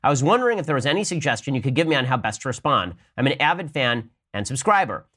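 A male podcast host in the middle of his range, talking politics at a rapid clip. His delivery is argumentative and pointed, with the pitch climbing whenever he presses a point. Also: sing-song, pushed and bright. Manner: rapid-fire, argumentative, rising emphatic pitch when making a point. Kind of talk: fast political commentary.

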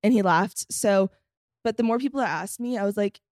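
A young woman, a podcast guest, chatting casually and telling an animated story, acting out quotes and laughing often. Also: mid-range voice, fairly quick, no room sound, studio quality. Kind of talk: casual chat.

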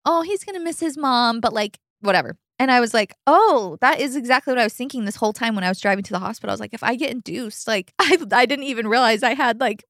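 A woman's voice: a little high, very fast, hardly any pauses, a bit bright, no room sound, studio quality. A young adult woman hosting a podcast, telling a personal story in casual chat, chatty and full of fillers, laughing often.

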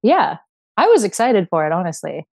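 A woman's voice: fairly low pitch, sing-song, moderate pace, gravelly, darkish tone, no room sound. Chatty young woman with a Canadian accent. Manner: chatty, heavy use of "like". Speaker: podcast guest. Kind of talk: casual chat.

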